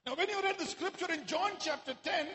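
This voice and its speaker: A man preaching a sermon to a congregation in a church, at times raising his voice to a shout. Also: very high voice, brisk, a little hiss or hum. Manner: rises to shouting exclamations. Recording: echoey hall.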